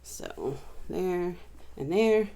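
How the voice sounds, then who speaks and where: A woman with a notably low voice talks casually through a review of things she bought. She rambles in a relaxed, chatty way, with plenty of fillers and restarts. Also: extremely slow, gravelly. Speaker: vlogger reviewing purchases.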